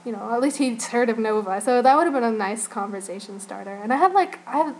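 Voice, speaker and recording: A woman's voice: fairly high pitch, expressive, fast, slight background noise, rough recording. A young woman from Northern Virginia chatting casually as a fan vlogger, rambling and giggling, with lots of "like" and "you know". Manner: rambling, giggly, heavy use of "like". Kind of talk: casual chat.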